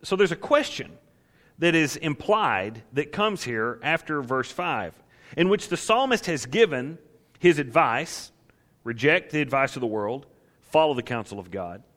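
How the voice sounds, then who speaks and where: A man's voice: on the high side, lively intonation, unhurried, a bit bright. A man preaching a conversational sermon, emphatic and driving his points home with repeated rhetorical questions. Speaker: preacher teaching the Psalms.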